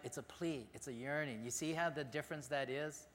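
A man pastor giving a conversational, animated sermon in a church sanctuary. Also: mid-range voice, brisk, few pauses, big-room sound, slight background noise.

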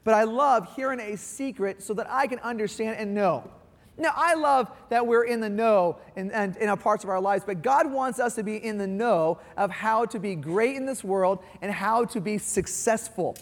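A man's voice: high-pitched, moderate pace. A man in his forties preaching a folksy, playful sermon to a church congregation, joking about family life. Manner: folksy and playful, acts out his daughters' voices. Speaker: guest pastor. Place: church sanctuary. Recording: long hall reverb.

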